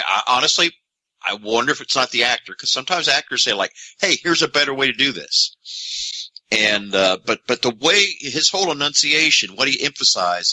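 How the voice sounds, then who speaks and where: A man co-hosts a movie podcast in casual chat, rambling and restarting as he thinks aloud. His mid-range voice sounds pushed and bright, captured on a low-quality recording.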